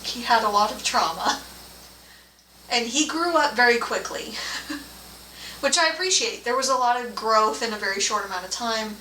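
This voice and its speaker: A woman co-hosting a casual movie review chat. She laughs often and talks in a relaxed, chatty way. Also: a little high, moderate pace, long pauses. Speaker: co-host of a movie and tea review show. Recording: roomy, from a distance, faint room noise.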